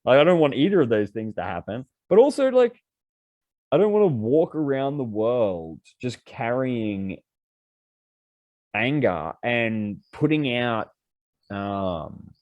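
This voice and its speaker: A man's voice: medium pitch, slow, no echo, lo-fi sound. A man, a podcast guest, telling casual stories full of swearing and filler words. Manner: swears freely, heavy filler words, animated. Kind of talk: casual storytelling.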